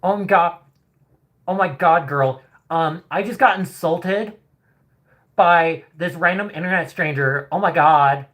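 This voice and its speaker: A woman's voice: on the low side, a little slow, a bit bright. A trans woman streamer putting on a sarcastic impression of a gushing, easily insulted teenage girl from her chat. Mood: mock outrage. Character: mocking impression of a shrill teen hater girl.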